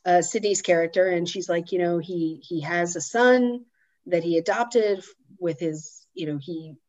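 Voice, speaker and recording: A woman's voice: fairly low pitch, unhurried, darkish tone, dull audio. A woman co-hosting a podcast, chatting casually and rambling a little while recapping a film. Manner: chatty, rambling, uses many fillers. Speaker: podcast co-host.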